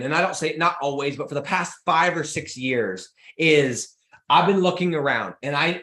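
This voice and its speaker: Fired-up young man hyping in echoey room. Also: a little high. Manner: excitable, emphatic, repeats words when pumped. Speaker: podcast host. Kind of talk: energetic motivational monologue.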